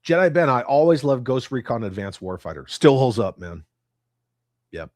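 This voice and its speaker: A man's voice: mid-range voice, sing-song, normal speed, a little mellow, no echo, studio quality. A middle-aged man hosting a casual livestream, reading viewer comments and ranting bluntly with lots of profanity. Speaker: livestream host.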